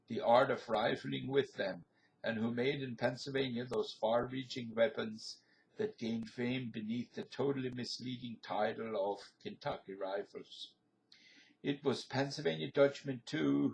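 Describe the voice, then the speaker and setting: A man reading a history text aloud in a measured, declamatory storytelling manner. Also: mid-range voice, gravelly, low-quality recording.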